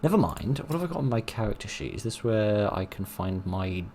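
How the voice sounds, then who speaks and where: A man's voice: lowish voice, animated, brisk, a little mellow, slight background noise. A young man commentating his own game playthrough in a wry, self-mocking way. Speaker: let's play host. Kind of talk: gaming commentary.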